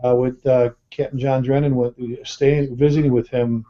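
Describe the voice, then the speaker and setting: A man's voice: mid-range voice, level tone, normal speed. A male host of a panel talk who stammers and repeats words as he starts his questions. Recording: muffled lo-fi web call audio.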